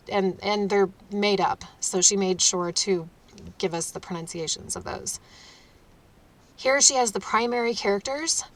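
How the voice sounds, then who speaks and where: A woman of medium pitch talks authors through a training session, slow and deliberate. Her delivery is emphatic and instructive, with short laughs breaking in now and then. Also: a bit bright. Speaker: audiobook narrator and trainer.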